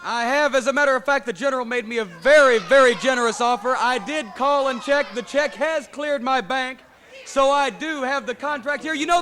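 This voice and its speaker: A man's voice: very high voice, sharp tone. A man in a wrestling promo as a manager, smug and sneering.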